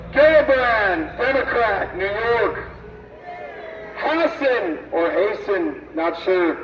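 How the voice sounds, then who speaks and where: Man, rally speaker, high voice, slow deliberate delivery, distant echoey lo-fi recording. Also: a little hiss or hum. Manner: slow, deliberate roll-call reading, stumbling over names. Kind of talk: outdoor rally speech. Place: outdoor rally. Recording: distant, echoey, dull lo-fi sound with faint ambience.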